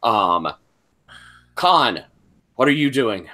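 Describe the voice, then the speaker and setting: A man running a tabletop game as game master, slowly describing scenes with frequent pauses and restarts. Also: mid-range voice, big pitch swings, sharp tone.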